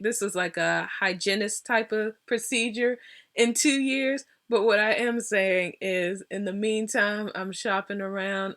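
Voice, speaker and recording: A woman vlogger telling a casual story to camera, animated, acting out both sides of the conversations with laughs. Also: medium pitch.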